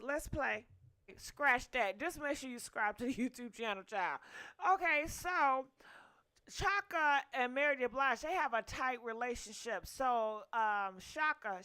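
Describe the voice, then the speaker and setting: A woman hosts her gossip channel in a casual, chatty way. Her voice sits high and bright. She keeps breaking into sassy, teasing asides and louder outbursts. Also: smooth.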